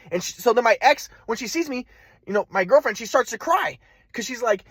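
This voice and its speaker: A man's voice: high voice, lively intonation, fast talker, fairly bright tone, husky, no echo. A man telling a personal story in a rambling, agitated, profane monologue. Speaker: vlogger.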